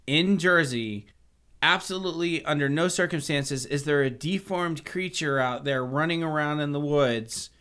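A male podcast co-host in a loose, joking chat. His voice is bright and sharp-edged, and he rambles with lots of fillers and casual swearing. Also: on the high side, normal speed, clear, resonant tone. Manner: rambling, jokey, swears freely.

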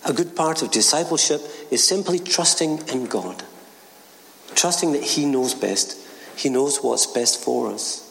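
A man's voice: mid-range voice, unhurried, gravelly, a little hiss or hum. An older man, a retired minister telling a story and giving a short sermon. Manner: gentle storytelling, acts out voices in quotes. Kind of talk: short sermon with a told joke. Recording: reverberant church hall.

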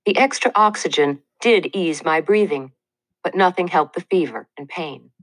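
A woman narrating a memoir as an audiobook, in a measured, earnest reading. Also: lowish voice, no room sound, poor audio.

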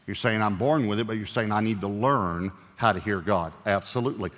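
A man preaching a sermon as pastor, animated and joking, swinging from loud punchy lines to hushed earnest ones. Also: lowish voice, brisk, big-room sound.

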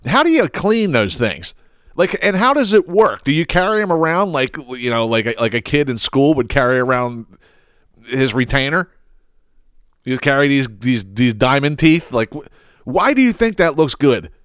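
Brief: blunt, foul-mouthed male podcast host, young, swinging pitch, dry sound. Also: big pitch swings, moderate pace, a bit bright, clean tone, dry recording. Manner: profane, blunt, exasperated. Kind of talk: ranting podcast monologue.

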